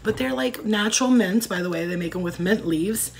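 A woman's voice: medium pitch, a little fast, vocal fry, a little hiss or hum. A woman giving a casual tarot reading in a brash, profane, rambling way, wandering off on tangents. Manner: goes off on tangents. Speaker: tarot reader.

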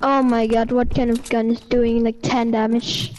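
A woman giving casual commentary on her own game match, trash-talking rowdily and breaking into sudden shouts. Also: fairly high pitch, little pitch movement, normal speed, a little hiss or hum, rough recording. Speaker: gamer recording her match.

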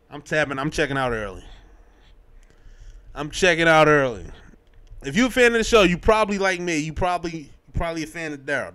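A man hosting a casual podcast, talking in a lively, slangy way and acting out scenes as he recaps a show. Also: on the high side. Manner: animated, slangy, acts out scenes with quoted voices. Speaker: podcast host.

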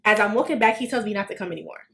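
A woman on a podcast telling a personal story in casual chat, swearing freely and acting out quotes with sudden high, loud bursts. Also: rapid-fire, vocal fry. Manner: animated, swearing, acts out quotes with big jumps in pitch. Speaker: podcast co-host.

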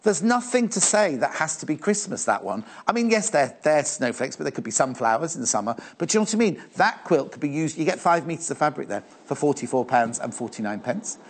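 Hardly pausing, this English presenter in middle age talks fairly quickly in a fairly high, very animated voice. It's live TV sales chat on a shopping channel, playful and full of stumbling restarts.

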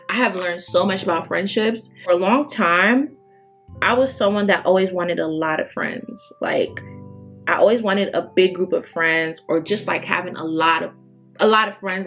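A woman's voice: fairly low pitch, fairly bright tone. A woman in her early twenties chatting casually to camera as a beauty vlogger, emphatic and full of fillers. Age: 20s.

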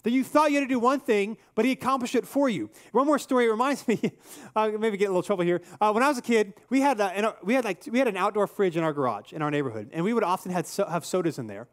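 A man's voice: high voice, animated, racing. A man in his thirties preaching a sermon as pastor, conversational and earnest, weaving in personal stories.

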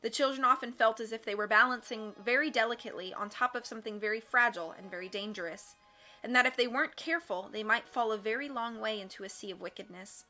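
A woman narrating a storybook in a steady, wry way. Her voice is bright and crisp, with soft background music running faintly under her reading. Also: on the high side, quick pace. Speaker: audiobook reader.

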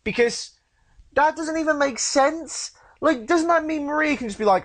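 A man's voice: very high voice, normal speed, fairly bright tone. A man co-hosting a casual podcast chat, ranting in an exasperated tone. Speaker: podcast co-host.

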